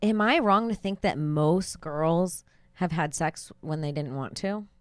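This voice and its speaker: A woman's voice: deep voice, measured pace, clear, resonant tone, dry recording, studio quality. A woman hosting a podcast in casual comedic chat, brash and jokey. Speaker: podcast host. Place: podcast studio.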